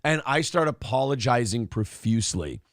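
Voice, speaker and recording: A man's voice: medium pitch, moderate pace, no echo, clean studio sound. A middle-aged man co-hosting a casual talk show, telling stories with lots of swearing. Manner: animated storytelling, swears freely. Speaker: podcast co-host. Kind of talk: casual chat.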